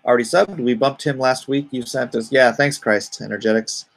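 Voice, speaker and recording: Gravelly middle-aged man chatting on stream. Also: mid-range voice, normal speed. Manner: rambling, reads viewer comments aloud and answers them. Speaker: comic artist hosting a live stream. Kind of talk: casual live-stream chat.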